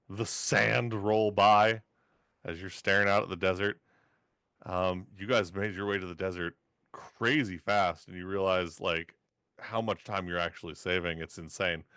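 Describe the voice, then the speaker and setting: A man running a tabletop game as game master, setting scenes in slow, descriptive narration. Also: lowish voice, fairly bright tone, clean tone, no room sound, studio quality.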